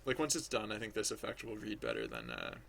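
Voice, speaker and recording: A man's voice: lowish voice, huge pitch swings, fast talker, gravelly, a bit bright, slight background noise. A man thinking aloud as he draws on a livestream, rambling and hesitant, full of restarts, chatting with viewers. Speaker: livestreaming digital artist.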